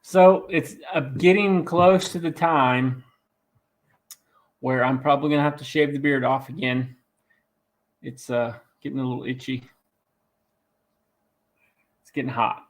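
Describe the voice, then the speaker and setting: A raspy-voiced man hosting a casual live stream, joking and teasing in a rambling way. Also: mid-range voice, steady tone, measured pace, long pauses. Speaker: host of a farm channel live stream.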